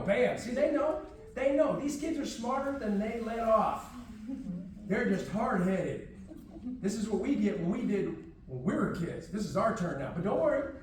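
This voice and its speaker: A man's voice: high voice, animated, moderate pace, background noise. A man from Houston teaching a martial arts class to kids and parents in a firm, commanding, drill-like way. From Houston, Texas. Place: library room, echoey. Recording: echoey room, from far off.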